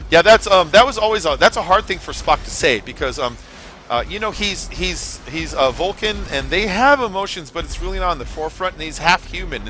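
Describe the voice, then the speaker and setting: A man's voice: a little high, sharp tone. A man streaming a game, chatting casually, rambling with lots of fillers and swearing. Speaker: gaming streamer. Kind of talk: casual live-stream chat while gaming.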